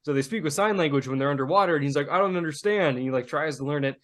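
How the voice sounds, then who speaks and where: A man co-hosting a podcast in relaxed casual chat, laughing as he retells scenes. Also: a little high, racing. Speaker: podcast co-host.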